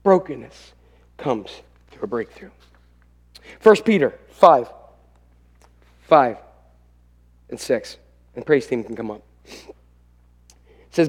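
A man's voice: medium pitch, very animated, takes it slowly, pauses often. A middle-aged man preaching a sermon, telling a family story and acting out what each person said. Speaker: pastor.

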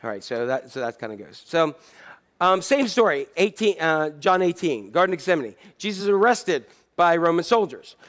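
A man's voice: a little high, big pitch swings, moderate pace, a bit bright. A man preaching a sermon in a conversational, humorous way, asking many rhetorical questions.

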